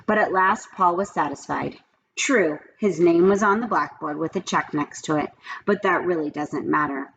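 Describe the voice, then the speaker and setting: A woman with a low, gravelly voice reads a children's chapter book aloud in a friendly, storytelling way. The recording is dull and lo-fi, with a faint hiss underneath. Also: moderate pace, a bit bright. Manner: friendly storytelling, addresses listeners as guys. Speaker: teacher reading aloud. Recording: dull lo-fi sound with faint noise.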